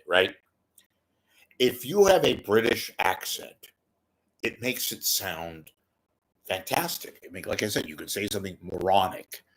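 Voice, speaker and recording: A man hosts a rambling, self-mocking livestream monologue, often repeating words while sitting close to his webcam. His voice is on the low side, a bit bright, and husky.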